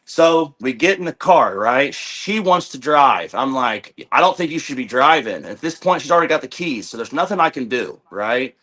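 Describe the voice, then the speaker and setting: A young man recounts a chaotic day as a podcast guest, his voice bright and forward. He rambles, swears freely and acts out what everyone said. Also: mid-range voice, expressive, normal speed, few pauses. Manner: rambling, profane, retells with quoted dialogue. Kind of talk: casual storytelling in a podcast chat.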